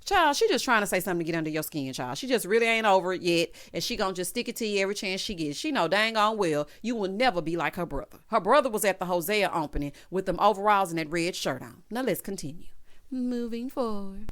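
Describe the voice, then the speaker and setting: A woman's voice: mid-range voice, animated, fast, a bit bright. A woman recapping a reality show in sassy, gossipy commentary, acting out the quotes.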